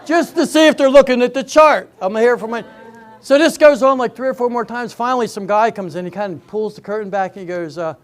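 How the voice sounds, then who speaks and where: An older man doing stand-up comedy with a strikingly high-pitched voice. He tells rambling personal stories and stops to quiz the crowd. The routine is for a live audience at a senior center. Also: a little fast. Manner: chatty storytelling, banters with the audience.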